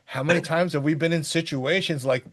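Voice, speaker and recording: Rambling animated man reviewing a film. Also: fairly high pitch, brisk. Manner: rambling, animated, bursts into quoted voices. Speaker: podcast co-host. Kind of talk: casual movie review chat.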